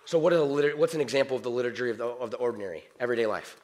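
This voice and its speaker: A middle-aged man preaching a sermon in a church. His talk is conversational, and he swings between quiet prayer and animated outbursts. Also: medium pitch, very fast. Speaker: pastor. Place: church sanctuary.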